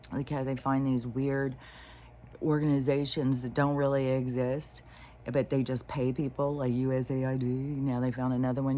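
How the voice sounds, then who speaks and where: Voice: medium pitch, darkish tone, slight background noise. A spiritual vlogger in a rambling, casual monologue, swearing freely, often restarting sentences and trailing off into short laughs. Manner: profane, agitated, with mocking put-on voices of others.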